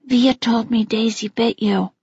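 An anxious young boy asking small, pleading questions, which a woman puts on. His voice sits high and is very breathy. The gravelly texture and the slightly dull, lo-fi recording stay underneath. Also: fairly even intonation, measured pace, darkish tone, no echo, full character voice. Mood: pleading, tearful.

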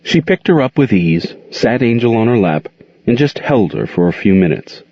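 A man narrating a novel as an expressive audiobook reader, in a dull, dry recording. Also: mid-range voice, moderate pace, dry recording. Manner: expressive storytelling.

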